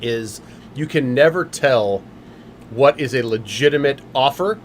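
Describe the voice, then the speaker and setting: A man with a mid-range voice hosts a casual livestream chat at a measured pace, with faint noise in the background. He owns a game company, and his loose, rambling delivery is full of fillers and restarts.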